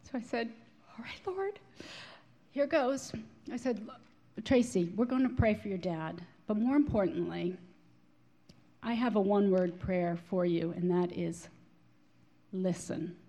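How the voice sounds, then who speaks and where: A woman speaking to a Christian gathering, telling a prayer story in an animated, expressive way. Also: mid-range voice, normal speed. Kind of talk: storytelling talk to an audience.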